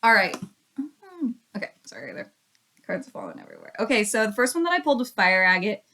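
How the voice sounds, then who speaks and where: A woman reads oracle cards for her viewers in a relaxed, chatty way, at a middle pitch. She repeats each affirmation slowly for them to say along. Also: vocal fry. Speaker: card reader. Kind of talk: casual oracle card reading for viewers.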